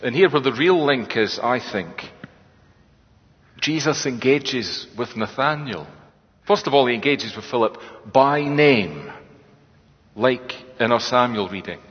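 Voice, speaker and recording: A man preaching a sermon in a reflective, conversational way, often quoting lines in a hushed voice. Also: mid-range voice, animated, unhurried, husky. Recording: echoey hall, dull lo-fi sound.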